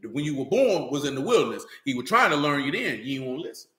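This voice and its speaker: A man preaching an animated sermon in loose, street-style talk, often asking "you know what I'm talking about". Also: medium pitch, fast talker, roomy sound.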